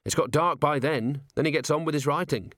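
Vimes, a brisk, probing watch commander voiced by a man. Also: on the high side, a bit bright, no room sound, studio quality, pitched above the performer's own voice, lightly acted. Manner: brisk, probing, rhetorical questioning. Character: sharp, driven veteran male watch commander. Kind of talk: audiobook character voice.

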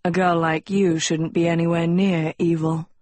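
A woman's voice: lowish voice, flat delivery, normal speed, darkish tone, dry recording, natural voice. A woman voicing a cocky young prince. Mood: smug. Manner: smug and teasing. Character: cocky teenage prince, arrogant swordsman.

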